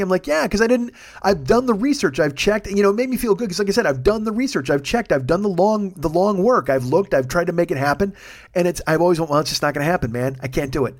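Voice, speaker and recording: A man's voice: high-pitched, animated, fast. A man hosting a podcast alone, telling a rambling, profane comic story from his apartment. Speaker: podcast host. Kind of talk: solo comedic monologue. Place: home apartment.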